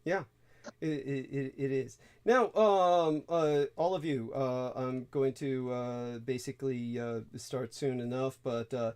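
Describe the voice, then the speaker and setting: A man's voice: mid-range voice, fairly even intonation, takes it slowly, a little mellow, clean tone. A man hosting a casual chat, rambling with lots of fillers. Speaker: host.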